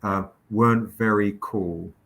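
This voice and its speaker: A man hosting a livestream, telling a story with lively quoted voices. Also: lowish voice, measured pace, gravelly. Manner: animated anecdote with quoted voices. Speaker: comic publisher hosting a livestream. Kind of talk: casual storytelling chat.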